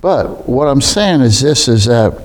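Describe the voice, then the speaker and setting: Man, middle-aged, sermon, folksy and conversational, slow delivery, rhetorical questions. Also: medium pitch, expressive, a little hiss or hum. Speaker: preacher.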